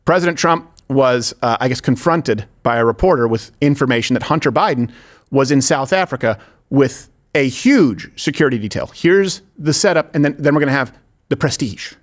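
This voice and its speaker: A man hosting a comedic political commentary show, sarcastic and quick to laugh. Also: medium pitch, animated. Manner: sarcastic, bursts into laughter and mock voices. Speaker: show host.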